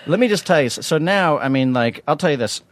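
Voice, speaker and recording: A man co-hosting a podcast talks quickly in joking, self-mocking banter. His voice is close and dry, with no room sound around it. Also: fairly high pitch, expressive, no echo. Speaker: podcast co-host. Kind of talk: casual chat.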